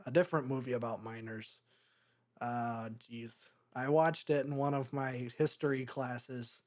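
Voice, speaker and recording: Young male podcast co-host, mid-pitch voice, rambly casual movie chat full of ums. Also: steady tone. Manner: rambling, halting with many fillers.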